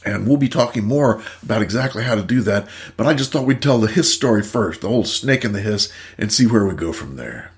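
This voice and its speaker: A man, a therapist and host, telling a story and explaining ideas in an emphatic, animated way. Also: on the low side, brisk, hardly any pauses. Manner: animated, emphatic, acts out voices. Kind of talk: storytelling and teaching talk.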